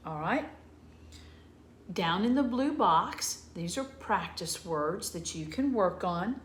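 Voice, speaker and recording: A woman teacher sounding out letters slowly and patiently for young children in an early reading lesson. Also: lowish voice, animated, roomy sound, a little hiss or hum.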